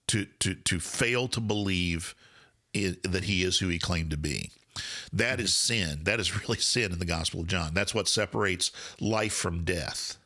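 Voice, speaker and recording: Male podcast co-host, bright tone, explanatory Bible-teacher manner, easygoing. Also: sits low. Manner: thoughtful, explanatory, frequent restarts. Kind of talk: casual Bible discussion.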